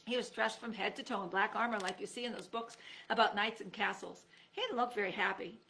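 A woman's voice: brisk, a little hiss or hum. A woman who works as a teacher reads a children's storybook aloud, jumping her voice up and down to act out each character. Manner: lively, voices each character with pitch jumps.

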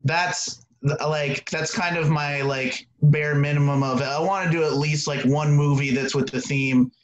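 Male co-host, easygoing rambling chat, a bit high-pitched. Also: steady tone, a little slow, rough recording. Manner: laughing, rambling with fillers. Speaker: podcast co-host. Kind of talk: casual chat.

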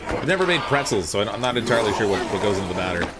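Chatty male gaming streamer, lively pitch. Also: racing. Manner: chatty, rambling, self-deprecating. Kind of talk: live gameplay commentary. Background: loud game music.

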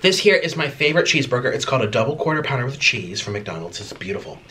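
Man, mukbang host, bossy and dramatic, pitch swinging all over, a bit of room hiss. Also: very animated, fast talker, pushed and bright. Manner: bossy, dramatic, chewing while talking. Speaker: mukbang vlogger. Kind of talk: eating vlog to camera.

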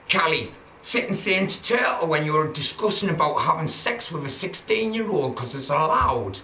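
A man's voice: high-pitched, bright, forceful tone. A man ranting angrily on a livestream, swearing constantly and heckling his viewers. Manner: profane, heckling, mocking. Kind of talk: angry livestream rant. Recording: roomy echo, faint background noise.

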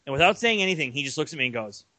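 A young man co-hosting a casual sports podcast, telling long rambling stories with animated energy. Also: on the high side, very fast, no echo. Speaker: podcast co-host.

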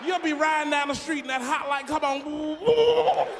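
A man doing stand-up comedy on a big theater stage, talking loudly and often shouting his punchlines. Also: extremely high pitch, expressive, a little slow. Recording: live theater show, loud crowd and noise.

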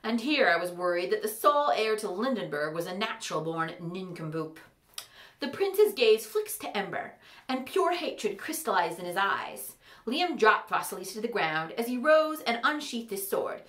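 Animated woman narrating a fantasy story. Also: mid-range voice, moderate pace, roomy sound. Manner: animated, wry.

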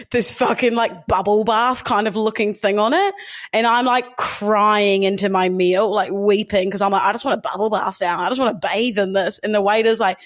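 Podcast co-host, woman, lively, swears, laughs at her own yarn. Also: on the high side. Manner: animated, laughing, swearing storyteller. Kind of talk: casual storytelling.

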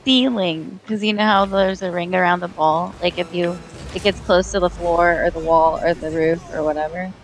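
A woman's voice: lowish voice, fairly even intonation, normal speed, poor audio. A woman chatting while playing a video game, laid-back, teasing and giggly. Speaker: co-player. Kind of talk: casual gaming chat.

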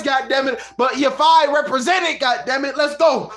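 A man's voice: moderate pace, hardly any pauses. Man hollering fight commentary over faint music. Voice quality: hollers and cusses, swinging from low muttering to high yelling. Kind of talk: excitable live fight commentary.

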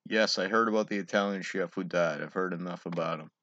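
A man's voice: deep voice, fast, fairly bright tone. A man casually reading jokes aloud, giggling and swearing between them. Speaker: joke reader. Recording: dull, lo-fi home recording.

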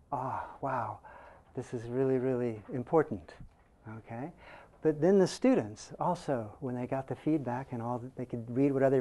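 A man's voice: mid-range voice, warm tone. A man presenting his research to a live audience in a presentation room, explaining step by step and often checking in with a questioning "okay?". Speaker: conference presenter.

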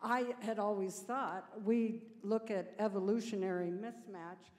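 A woman in the audience at a conference asking a long, halting question. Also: medium pitch, fairly even intonation, darkish tone. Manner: rambling, halting, laughing self-consciously. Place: conference hall. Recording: reverberant hall.

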